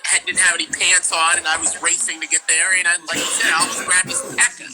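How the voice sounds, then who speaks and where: A ring announcer from New York telling stories in a casual interview, in a rambling, laid-back way. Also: male voice, sits high, level tone, fast, bright, forceful tone, faint music behind, poor audio.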